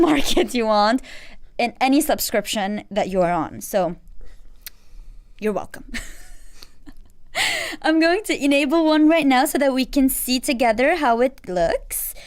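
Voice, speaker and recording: A woman giving a casual live software demo, chatty and playful, laughing often. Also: high-pitched, clean tone. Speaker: product demo presenter.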